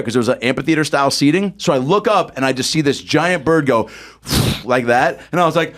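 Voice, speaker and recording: Lively, animated comic man. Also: medium pitch, fast talker. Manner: acts out voices in his anecdotes, laughs while telling. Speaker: comedian guest. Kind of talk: animated comedic storytelling.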